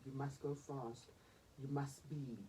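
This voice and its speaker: A woman with a South African accent hosting a radio talk show, expressive and emotional, laughing easily as she speaks. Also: extremely low pitch, slow, distant mic, slight background noise, low-quality recording. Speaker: radio host. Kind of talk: radio interview.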